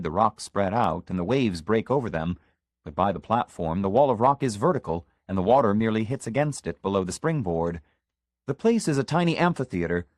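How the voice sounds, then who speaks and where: A man narrating a literary short story in the first person, measured and reflective. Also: lowish voice, no room sound, studio quality. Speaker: audiobook narrator.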